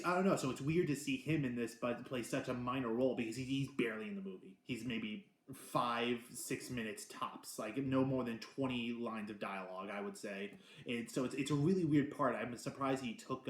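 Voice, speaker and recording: A man hosting a casual movie review, talking in an excitable, rambling way with many restarts and the odd swear word. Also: medium pitch. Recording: roomy echo.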